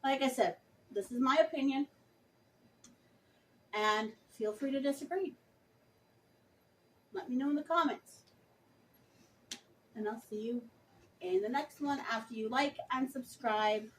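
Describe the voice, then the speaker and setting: A woman's voice: high-pitched, measured pace, pauses often, far from the mic, a little hiss or hum, rough recording. A woman vlogger speaking passionately and emphatically, addressing her viewers directly. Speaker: vlogger reviewing a book. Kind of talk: earnest direct-to-camera talk.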